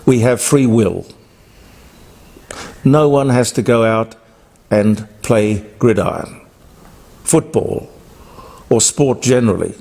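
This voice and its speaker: A man's voice: medium pitch, slow, gravelly, long pauses, warm tone. Australian male radio host, blunt and emphatic, rambling opinion talk.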